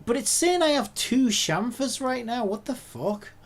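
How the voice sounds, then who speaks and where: A woman's voice: a little high, lively intonation, unhurried. A woman, a game developer, talking to herself in a casual dev log, frustrated and swearing a lot.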